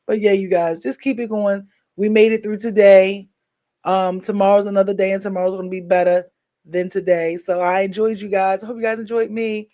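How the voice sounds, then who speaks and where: Woman host, worn-out but chatty, warm sign-off talk, mid-pitched. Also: fairly even intonation, a little fast. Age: adult with a daughter. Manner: chatty, encouraging, loose slangy talk. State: tired. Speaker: livestream show host. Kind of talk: casual sign-off chat with viewers.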